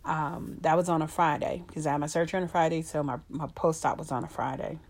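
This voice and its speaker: Middle-aged woman, low-pitched, heartfelt vlog storytelling, hesitant fillers, talks to "y'all.". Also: steady tone, fast talker, darkish tone. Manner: addresses her audience as y'all. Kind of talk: personal storytelling.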